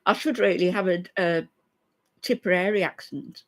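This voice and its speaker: A woman's voice: lowish voice, moderate pace. A middle-aged woman hosting a casual live stream, chatty and greeting her viewers one by one by name. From from an Irish family. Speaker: commentary channel host.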